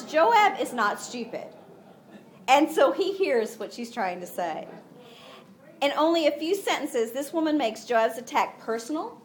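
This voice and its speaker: A woman giving a conversational Bible teaching to other women, acting out the quoted lines with a lifted voice. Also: high voice. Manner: animated, acts out quotes with rising voice; conversational, frequent "you know".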